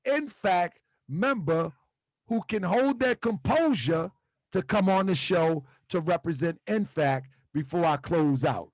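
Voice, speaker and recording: A middle-aged man hosting an online talk show in a relaxed, rambling way, pausing often with "um" and "uh". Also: high-pitched, no echo. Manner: relaxed and rambling, many "um" and "uh" pauses, laughs easily. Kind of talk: casual livestream chat.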